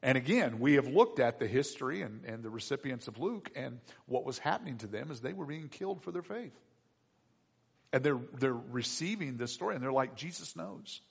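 A man preaching a sermon as pastor, moving between hushed reflection and loud, excited bursts. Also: medium pitch, fairly quick, gravelly, breathy edge. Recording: long hall reverb.

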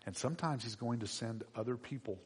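Animated middle-aged male preacher, husky. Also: medium pitch, a little fast. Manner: animated preacher acting out voices. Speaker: pastor. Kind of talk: sermon. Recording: long hall reverb.

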